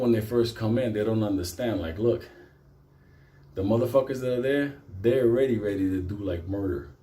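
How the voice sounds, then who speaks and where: A man telling a story in a profane, animated, conversational way. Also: lowish voice, reverberant. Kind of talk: comic storytelling.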